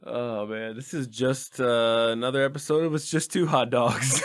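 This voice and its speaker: Man, podcast co-host, teasing, quick to laugh, mid-pitched. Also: steady tone. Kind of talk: casual chat.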